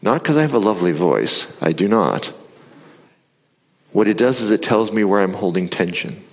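Middle-aged guy with a low voice leading a breathing exercise live, calm coaching tone, big echoey hall. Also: normal speed. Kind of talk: live talk with guided breathing. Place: large hall before an audience. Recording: live hall with long reverb.

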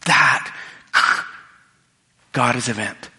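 Bright-voiced man preaching in a reverberant hall. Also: medium pitch, very slow. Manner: conversational storytelling with restarts. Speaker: pastor. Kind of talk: sermon.

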